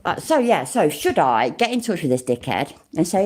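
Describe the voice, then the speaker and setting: Woman, 40s, livestream host; low, warm, very lively pitch, blunt and sweary. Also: moderate pace, few pauses, husky. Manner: swears a lot, exclaims loudly, reads chat aloud. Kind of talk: casual livestream chat.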